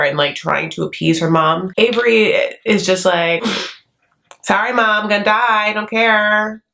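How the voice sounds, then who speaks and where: A woman's voice: on the low side, creaky. A woman from the United States hosting a reality TV recap in casual, sarcastic commentary. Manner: sarcastic, chatty, does mocking voices for the cast.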